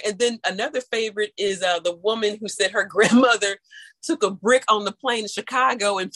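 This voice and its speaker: A woman from St. Louis with a St. Louis accent, telling stories in casual chat, animated and laughing, with big leaps in pitch. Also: a little fast, poor audio. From St. Louis, USA. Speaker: storyteller guest.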